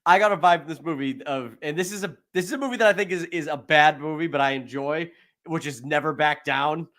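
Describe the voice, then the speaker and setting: A man's voice: fairly high pitch, fairly quick. A man hosting a casual movie podcast, chatting loosely, laughing often and acting out scenes. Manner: animated, acts out movie scenes in put-on voices, laughs often. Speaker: podcast host. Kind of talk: casual chat.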